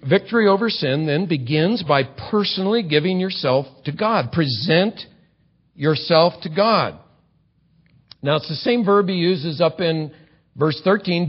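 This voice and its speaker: A man's voice: on the high side, lo-fi sound. A man preaching a sermon in a conversational way, explaining scripture and asking his listeners rhetorical questions. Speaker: pastor.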